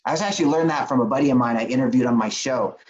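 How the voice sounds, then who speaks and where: Interview guest, male, mid pitch. Animated, plain-spoken motivational storyteller. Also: dull audio, a little hiss or hum. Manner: animated, plain-spoken, repeats words in quick restarts. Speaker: interview guest, business coach.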